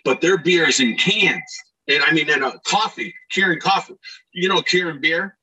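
A man, a former ballplayer, telling animated stories in a casual interview, acting out shouted quotes as he goes. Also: fairly high pitch, normal speed, breathy edge, recorded from a distance, poor audio. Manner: animated, acts out shouted quotes, many restarts.

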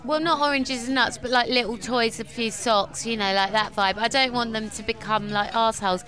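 A woman with a London accent talks casually with a bright, lively tone. Her voice sits a touch higher than most and carries an easy, laughing quality. She rambles through anecdotes and swears freely. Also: fairly quick. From England. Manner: chatty storyteller, laughs often, swears freely. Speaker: guest. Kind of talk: casual chat. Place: walking tour outdoors in the East End.

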